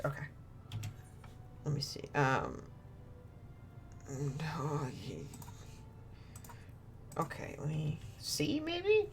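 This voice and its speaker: A woman's voice: sits low, very animated, takes it slowly, gravelly, long pauses, a little mellow, slight background noise. A woman streaming a video game from home, chatting and joking with viewers and her dog, laughing often. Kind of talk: casual gaming stream chat. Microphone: desk mic with webcam.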